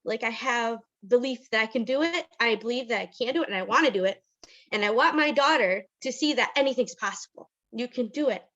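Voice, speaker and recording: A woman in her forties shares her story over a video call, nervous and emotional, with laughs slipping between phrases. Her voice is high and bright. The call audio comes through slightly dull. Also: expressive, a little fast. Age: 40s. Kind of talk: personal testimony on a video call.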